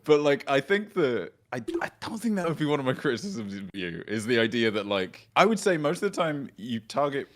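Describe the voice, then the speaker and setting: Young man, sarcastic co-host, lively swooping pitch, joking banter. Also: fairly quick, few pauses. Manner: joking, sarcastic, animated delivery. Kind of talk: casual commentary chat.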